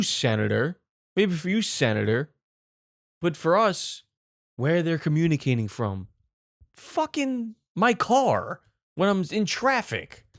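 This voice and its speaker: A brash male comedy host riffing on the news with profane, mock-exasperated commentary. His voice sits a bit high, and the recording is dry and close, with no room echo.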